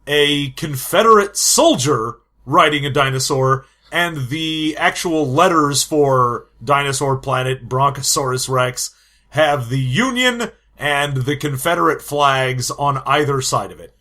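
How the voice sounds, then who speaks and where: A man's voice: mid-range voice, lively intonation, pushed and bright. A man co-hosting a comedy podcast, trading sardonic jokes in casual chat. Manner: sardonic, quick joking asides. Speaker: podcast co-host.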